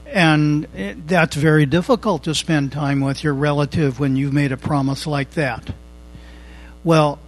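A man's voice: on the high side, poor audio. A man calling in to tell an earnest personal story about his brother and ask for advice. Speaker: caller asking a question.

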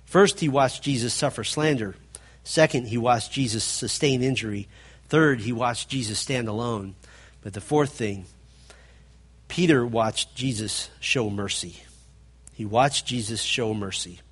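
Retelling a story from scripture, this preacher moves back and forth between loud emphasis and quiet, low passages. His voice is husky and his pace a little slow.

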